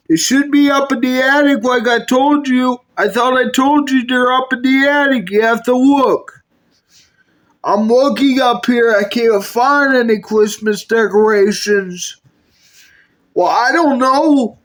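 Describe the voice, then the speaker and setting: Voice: medium pitch, unhurried. A puppet video maker performing every character in a comedy skit, switching between bickering character voices.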